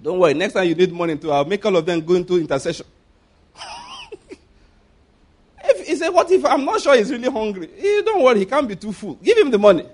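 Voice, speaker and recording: A Nigerian-accented man delivers a lively sermon in a notably high voice. He fires rhetorical questions at his listeners and chuckles often as he makes his points. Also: a little fast, pauses often. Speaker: preacher.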